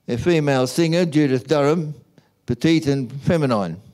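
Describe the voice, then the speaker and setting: A man, a Catholic priest, giving a homily in a slow, measured storytelling manner. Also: a little high, a little mellow.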